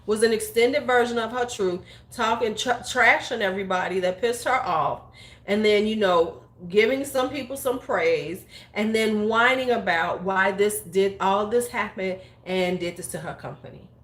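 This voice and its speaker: A woman in her forties, a beauty YouTuber, talking bluntly and profanely in casual opinion chat. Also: fairly high pitch. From United States. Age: 40s. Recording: roomy echo.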